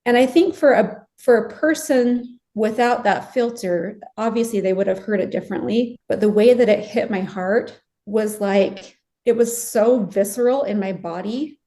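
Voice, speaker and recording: A woman's voice: medium pitch, normal speed, mellow. A middle-aged woman, a podcast guest, emotionally recounting a personal experience in an interview.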